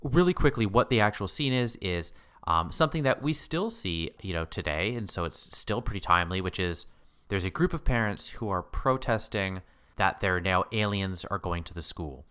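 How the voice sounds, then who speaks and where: A man with a low-pitched voice co-hosts a podcast, chatting casually about a TV episode. He talks in quick, animated bursts and laughs often. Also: clear, resonant tone. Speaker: podcast co-host. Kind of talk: casual chat about a TV show.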